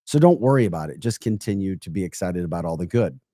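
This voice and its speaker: A man co-hosting a political talk podcast, upbeat and animated, laughing often as he talks. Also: low voice, fast, no echo, studio quality. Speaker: podcast co-host.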